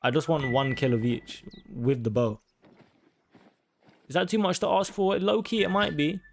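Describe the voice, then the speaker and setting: A man's voice: fairly high pitch, steady tone, moderate pace, vocal fry, a little hiss or hum. Sweary young gamer man. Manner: loud, sweary taunting at game animals. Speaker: gaming YouTuber. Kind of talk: casual gameplay commentary.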